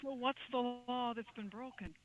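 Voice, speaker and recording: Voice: medium pitch, steady tone, moderate pace, no echo. Questioning player, lo-fi mic. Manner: probing, questioning. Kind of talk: casual tabletop game chat. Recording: dull lo-fi mic with faint hiss.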